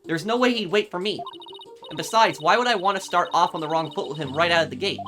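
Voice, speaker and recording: A man reading the lines of a spirited young woman defense lawyer from a video game, brisk and indignant. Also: sits high, music in the background, close to an everyday voice.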